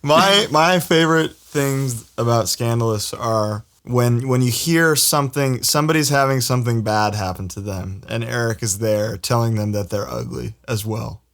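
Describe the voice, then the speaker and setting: A man's voice: medium pitch, moderate pace, vocal fry, few pauses, fairly bright tone. Chatty man hosting a podcast. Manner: chatty, laughs often, enthusiastic. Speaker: podcast host. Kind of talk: casual interview chat.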